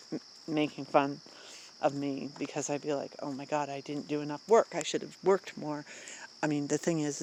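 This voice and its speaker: An adult vlogger venting casually to the camera, rambling with many fillers, restarts and short laughs, getting louder and more emphatic when indignant. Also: medium pitch, a little hiss or hum. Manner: rambling and candid, many fillers and self-interruptions, frequent laughs. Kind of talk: casual personal vent to camera.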